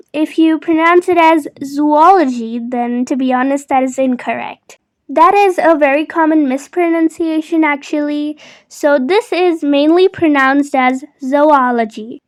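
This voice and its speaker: High-voiced young woman teaching pronunciation. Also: a little mellow. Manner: clear, deliberate, repeats words slowly. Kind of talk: explanatory video lesson.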